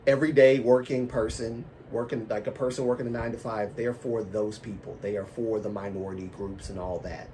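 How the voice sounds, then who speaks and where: A man's voice: on the low side, steady tone, a little fast, few pauses, mellow, far from the mic, slight background noise. A man hosting a casual livestream, talking in a rambling, self-correcting way and laughing at his own remarks, with a lingering cough. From American South and Baltimore. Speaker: livestream host. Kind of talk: casual live-stream chat.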